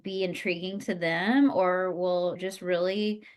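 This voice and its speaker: A woman's voice: lowish voice, steady tone, slow pace. A woman hosting an interview who talks in an enthusiastic, affirming way. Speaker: interview host. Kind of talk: conversational interview.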